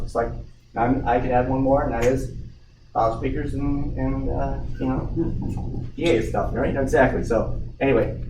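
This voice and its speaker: Casting: a middle-pitched man giving a casual training workshop, heard from far off in an echoey room. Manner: rambling with frequent restarts and light joking. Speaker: software implementation trainer. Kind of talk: workshop presentation. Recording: echoey room, distant mic, faint noise.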